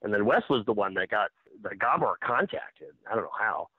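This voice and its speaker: An energetic man tells an interview story with lots of fillers and a lively voice that leaps up in pitch. His voice sounds tinny and phone-like, dry and close, with faint music underneath. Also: fairly quick, slightly rough, dry recording. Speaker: animator. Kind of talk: animated interview anecdote.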